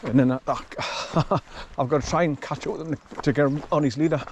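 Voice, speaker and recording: A man vlogs casually while walking his dog through the forest, rambling and chuckling frequently on the camera he carries. He has a fairly high pitch and a steady tone, and he talks fairly quickly. A little hiss or hum can be heard.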